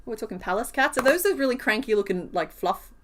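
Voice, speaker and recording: A woman's voice: a little high, expressive, fast talker, fairly bright tone, a little hiss or hum. A woman live-streaming as she crochets, chatting casually and rambling with frequent giggles and fillers.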